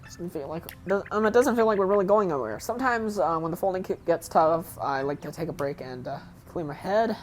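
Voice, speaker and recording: A woman's voice: on the low side, animated, fairly quick, few pauses, slight background noise. A woman with a Southern US accent giving casual, rambling commentary while playing a video game, with lots of fillers. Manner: rambling, self-deprecating, many fillers. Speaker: let's player.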